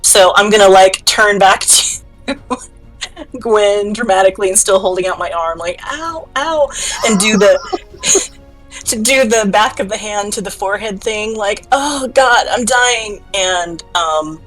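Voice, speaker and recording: A woman playing a tabletop game talks in an unhurried, drawn-out way, describing her character's actions with animated giggles. Faint music plays underneath. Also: mid-range voice, low-quality recording. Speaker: player.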